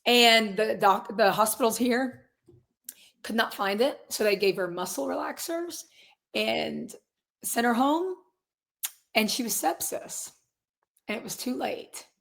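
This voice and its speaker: An earnest woman in her twenties, a guest in a relaxed interview. Her voice sits a little high for a woman. She rambles, circles back, and slips into quoted asides. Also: slow, creaky, pauses often. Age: 20s. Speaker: guest, singer and real estate agent. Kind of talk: casual conversational interview.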